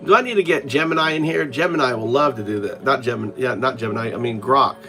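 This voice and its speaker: A man at a middle pitch, chatting casually with AI assistants and rambling in halting starts and restarts. Clear music plays behind him. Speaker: host.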